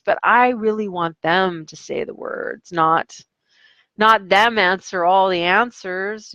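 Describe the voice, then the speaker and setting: A woman's voice: mid-range voice, a bit bright, dry recording, highs cut off. A young adult woman, an online English teacher, chatting casually about her classes and acting out her students in quotes. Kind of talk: casual vlog storytelling.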